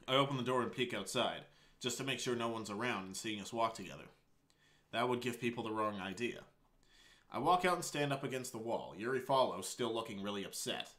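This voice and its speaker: A man reads a visual novel aloud on stream, narrating earnestly and breaking off with startled asides. His voice is bright and forceful at a middling pitch. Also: animated, a little fast.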